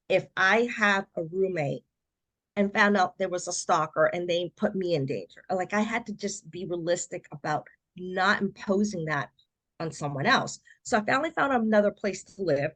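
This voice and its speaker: A woman's voice: lowish voice, moderate pace. Woman telling her story, acting out quotes. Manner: animated storyteller who acts out quoted voices. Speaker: guest. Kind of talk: personal storytelling interview.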